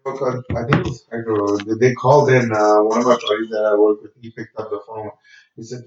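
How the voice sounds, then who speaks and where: A man's voice: fairly low pitch, level tone, brisk, background noise. A man co-hosting a podcast in casual chat, indignant and swearing often. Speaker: podcast co-host. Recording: echoey lo-fi room.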